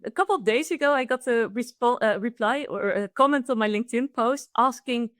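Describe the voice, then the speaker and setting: A woman with a Dutch accent speaks in a fairly high voice, eager and quick to restart her sentences as she explains things. The sound is dry and close, with almost no room echo. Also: a bit bright. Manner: enthusiastic, restarts often. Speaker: guest, AI consultant. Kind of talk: conversational interview.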